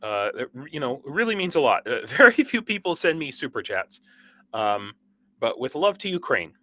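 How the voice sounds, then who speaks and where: Young guy, bright voice, running a livestream on no sleep, rambly and halting, lots of ums and restarts. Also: medium pitch, very animated, no room sound. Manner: rambling, halting, many restarts and fillers, laughs often. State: sleep-deprived and over-caffeinated. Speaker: livestream host. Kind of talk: casual livestream chat reading viewer comments.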